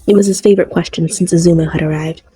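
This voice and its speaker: A woman reading a novel aloud in an even, measured way. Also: on the low side, slightly rough, no echo, poor audio. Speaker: audiobook narrator. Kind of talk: scripted narration.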